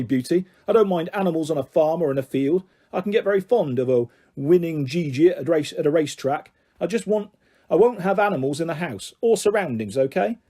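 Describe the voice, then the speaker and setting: A man's voice: on the high side, warm tone. A man voicing a bullying middle-aged father who coaxes and sneers in a taunting, menacing way. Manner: taunting, mock-jovial then harsh.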